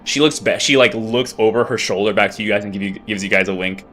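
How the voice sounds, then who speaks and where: A man's voice: lowish voice, quick pace, fairly bright tone, faint music behind. A man narrating a tabletop game as game master, in loose narration full of fillers.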